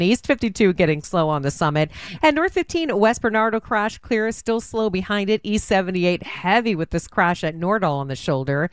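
A woman reads the radio traffic report at a brisk, matter-of-fact clip. Her voice is smooth and clear, and the studio sound is dry. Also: lowish voice, no echo.

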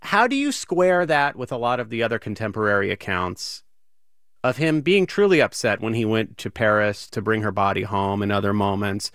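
A male radio news host who introduces a story and asks an interview guest questions in a clear, composed, conversational way. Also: fairly low pitch, expressive, normal speed, fairly bright tone, no room sound, studio quality.

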